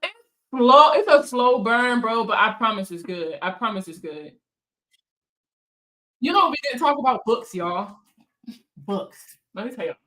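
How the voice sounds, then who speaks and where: A woman's voice: medium pitch, animated, unhurried, pauses often, bright, forceful tone, poor audio. A woman hosting a casual livestream chat, slangy and swearing freely, laughing often as she reads viewer comments aloud and answers them. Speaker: financial counselor hosting a live chat.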